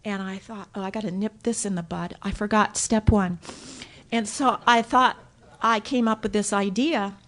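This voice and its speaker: Woman telling her story at a meeting, really animated, acts out her own thoughts, on a podium mic. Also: mid-range voice, moderate pace. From Southern California. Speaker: recovery meeting speaker. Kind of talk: personal story share. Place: hotel conference room.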